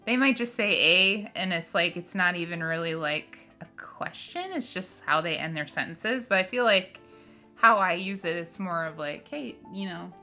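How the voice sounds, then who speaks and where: Giggly, bright-voiced Minnesotan woman. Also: fairly low pitch, lively intonation, normal speed, faint music behind. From Minnesota, United States. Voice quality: nasal. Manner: giggly, chatty, lots of fillers. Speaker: co-host. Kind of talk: casual chat.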